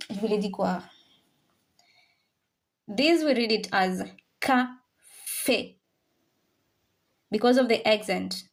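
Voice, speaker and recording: Woman language teacher, middle pitch, very slow and patient delivery, drills pronunciation by repetition, switches between English, French and some Swahili. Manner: patient, repeats each word slowly to drill pronunciation. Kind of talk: live online language class.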